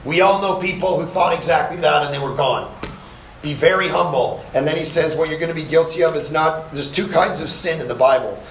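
A man preaching at a camp, his voice sitting a little high and swelling loud on the key lines. He reads scripture with emphasis and drops into easy asides. The room is roomy and echoing, with a faint hum of ambience behind. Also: fairly quick. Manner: animated preaching, punching lines with rising volume; conversational asides to young listeners. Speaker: pastor. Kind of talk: sermon. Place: summer camp session.

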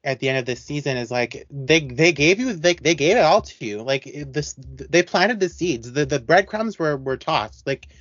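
A man co-hosting a podcast in casual chat, talking in an animated, rambling way with many restarts. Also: on the high side, normal speed, few pauses, dry recording, muffled recording. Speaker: podcast co-host.

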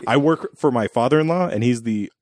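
A man's voice: medium pitch, a little fast, dry recording, clean studio sound. A man co-hosting a podcast, recapping a movie in casual chat, swearing, laughing and briefly acting out characters. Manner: profane, laughing, acts out characters in silly voices. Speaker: podcast co-host.

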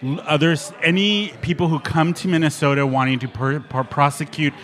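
A man's voice: a little high, fairly even intonation, moderate pace, a bit bright. A man hosting a podcast, chatting casually and laughing often, recorded live in a bar. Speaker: podcast host. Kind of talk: casual chat.

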